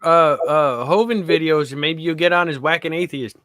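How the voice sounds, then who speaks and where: Male guest, slightly high pitch, dry and matter-of-fact. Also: a little fast, fairly bright tone, dry recording. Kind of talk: casual chat.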